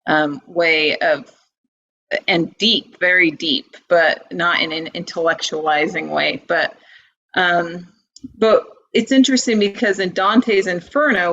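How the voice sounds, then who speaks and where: A woman's voice: lowish voice, bright, forceful tone. Enthusiastic woman on dull lo-fi audio. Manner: enthusiastic, laughs often, many fillers. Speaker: guest blogger. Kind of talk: casual discussion.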